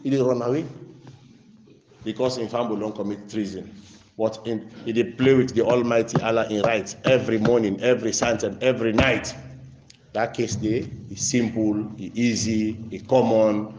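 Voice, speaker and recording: Nigerian preacher in a roomy echo. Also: male voice, fairly low pitch, fairly even intonation. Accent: Nigerian Pidgin English. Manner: recites verses slowly then explains in a rising, emphatic voice, dropping to quiet asides. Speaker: Islamic preacher. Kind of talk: sermon with Arabic verses and Pidgin explanation.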